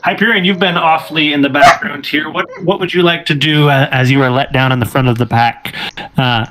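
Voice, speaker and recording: A man's voice: on the high side, fairly even intonation, a little fast, noisy background. A man running a tabletop game as game master, narrating with frequent laughs. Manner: laughing often, rambling.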